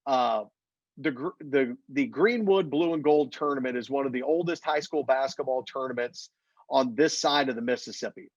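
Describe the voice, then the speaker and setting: This play-by-play announcer, from Missouri, has a mid-range voice and moderate pace, heard in dull audio without echo. His casual interview chat is animated, with the people in his stories acted out.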